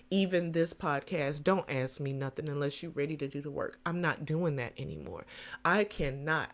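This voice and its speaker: A middle-aged woman hosting a solo podcast as a coach, talking casually and preaching with lively swings in her voice. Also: sits low.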